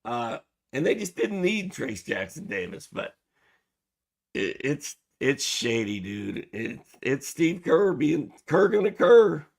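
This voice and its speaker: Gravelly, laid-back basketball analyst. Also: male voice, a little high, sing-song, slow pace. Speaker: fantasy basketball analyst co-host. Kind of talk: casual sports chat.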